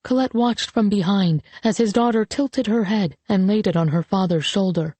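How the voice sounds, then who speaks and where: Mellow woman narrating an audiobook. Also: medium pitch, dry recording. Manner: even, measured storytelling. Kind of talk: scripted narration.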